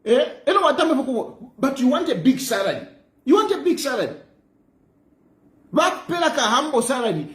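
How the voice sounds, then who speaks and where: A man's voice: extremely high pitch, big pitch swings, a little fast. A man with a Zambian accent, lecturing in a mocking way and repeating phrases for emphasis, recorded in an echoey room. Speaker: political commentator. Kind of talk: impassioned monologue.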